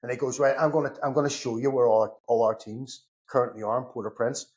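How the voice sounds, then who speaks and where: A middle-aged man from Northern Ireland with a Belfast accent, a podcast guest telling lively stories in casual chat, acting out both sides of each conversation and swearing now and then. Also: mid-range voice, fast talker. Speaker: podcast guest, security consultant.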